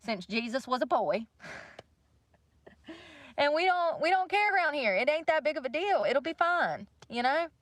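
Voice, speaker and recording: A woman's voice: sits high, big pitch swings, unhurried, pauses often, no room sound. Blunt woman venting. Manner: blunt, swears freely, venting about money. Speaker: livestream host. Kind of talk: casual rant to viewers.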